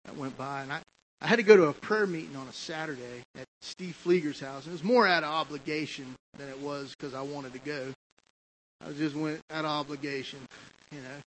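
A man's voice: fairly high pitch, brisk, slight background noise, rough recording. A man preaching a testimony sermon, telling his story in a conversational way with frequent asides to the listeners.

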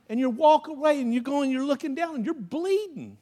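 A man's voice: very high-pitched, a little fast, mellow. A man preaching a sermon in a conversational way, telling stories from his own life with lots of "you know" and laughing asides. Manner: acts out anecdotes with laughing asides. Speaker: pastor.

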